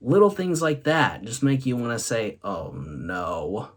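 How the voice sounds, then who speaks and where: A man's voice: mid-range voice, expressive, moderate pace. Laughing man telling funny stories. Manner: laughs often, punchline-driven. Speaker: host. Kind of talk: comic storytelling monologue.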